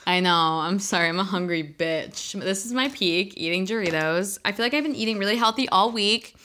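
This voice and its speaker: A bright-voiced young woman, swearing casually. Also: mid-range voice, a little fast. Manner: loose, swearing, animated storytelling. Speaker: podcast co-host. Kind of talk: casual chat.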